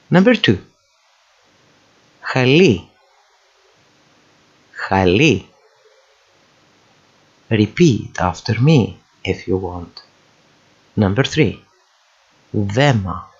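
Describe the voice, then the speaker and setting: A man with as his teaching from slides, patient and careful, pronouncing words clearly for the listener to repeat. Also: medium pitch. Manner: slow, patient, enunciates words for repetition. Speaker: language teacher. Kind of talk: recorded slide lesson voice-over. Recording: dull lo-fi voice-over.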